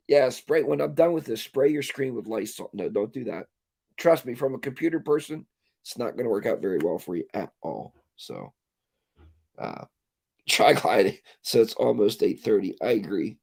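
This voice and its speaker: A man's voice: medium pitch, vocal fry, mellow, slightly rough. A man hosting a casual livestream, ranting and reading viewer comments aloud. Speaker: livestream host.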